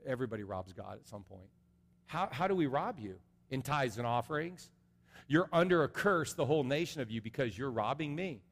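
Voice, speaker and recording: A middle-aged man preaching an earnest sermon as a pastor, going from soft and low to loud and high. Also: lively intonation, brisk. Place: large church sanctuary. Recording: long reverb of a large hall.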